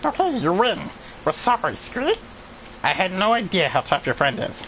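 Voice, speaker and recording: A man voicing a cheeky male rat gang leader with taunting, drawn-out squeaks. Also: huge pitch swings, fairly bright tone, a little hiss or hum, full character voice, rough recording. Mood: cowed.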